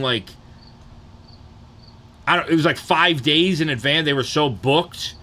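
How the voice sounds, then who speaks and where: A man's voice: on the high side, a little slow, pauses often, pushed and bright. A man from the Detroit area, ranting casually and profanely on a livestream and often asking "you know what I'm saying".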